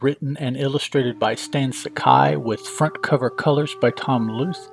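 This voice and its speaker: Casting: chatty comic reviewer, gravelly, offhand asides. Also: male voice, medium pitch. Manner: casual, chatty, asides and fillers. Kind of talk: casual comic read-through.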